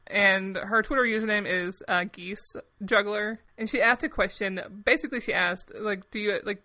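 A young woman co-hosting a podcast, telling stories in a rambling, animated way with frequent swearing. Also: mid-range voice, normal speed. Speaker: podcast co-host. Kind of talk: casual chat.

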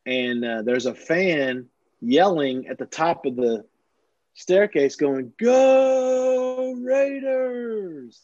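A man who is a sportswriter, telling animated anecdotes with frequent restarts in a casual interview, on a slightly dull recording. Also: mid-range voice, takes it slowly, no echo. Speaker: sportswriter guest.

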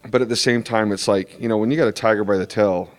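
A man's voice: on the low side, steady tone, fast. A man who draws comics answers fans in a casual interview, rambling with many restarts and fillers and stressing points with emphatic asides. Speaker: comic book artist. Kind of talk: convention interview chat.

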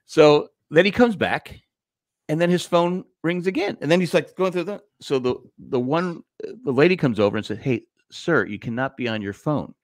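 A man's voice: on the high side, lively intonation, moderate pace, no echo. A man in his sixties spins a story for his podcast co-hosts, and his voice swings up and down as he goes. He acts out the other people's lines as he tells it. The sound is dry and close to the mic. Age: 60s. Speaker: podcast co-host. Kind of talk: casual storytelling chat.

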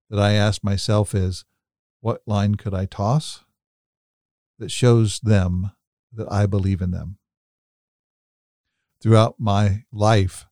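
Sharing personal stories on a podcast he co-hosts, a man talks in a reflective, coaching vein. His voice is lowish and mellow, recorded dry at studio quality.

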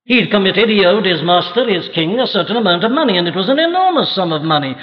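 A man's voice: high voice, big pitch swings, quick pace. A man preaching a sermon from Wales with an emphatic, dramatic delivery. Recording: echoey hall, dull archival audio.

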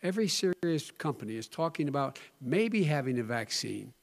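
A man's voice: fairly high pitch, sing-song, normal speed, gravelly. An older man debating on a televised stage, earnest and given to repeating and restarting phrases. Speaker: debate candidate. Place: large hall. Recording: long reverb of a large hall.

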